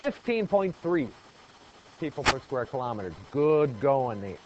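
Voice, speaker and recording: A man's voice: medium pitch, sing-song, a little slow, lo-fi sound, noisy background. A man teaching a geography lesson in a classroom, quizzing the students with call-and-response questions. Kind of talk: classroom lecture.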